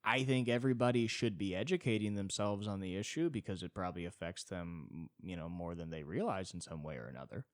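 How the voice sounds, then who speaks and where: A man's voice: sits low, fairly quick, hardly any pauses, dry recording, studio quality. A man from the Southern California suburbs, rambling through a solo podcast monologue, tired and yawning, self-deprecating and cursing as he acts out what others say. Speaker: podcast host.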